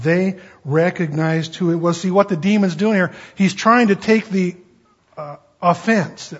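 A man's voice: high-pitched, moderate pace, breathy edge. A male pastor preaching a sermon in a folksy, conversational way, with homey asides. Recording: dull lo-fi recording.

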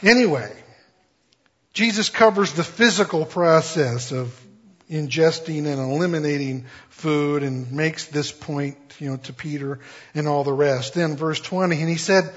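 A man's voice: fairly high pitch, normal speed, slightly rough. A man preaching a conversational Bible-teaching sermon in a casual, humorous way, with lots of fillers. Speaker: pastor. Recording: dull lo-fi recording.

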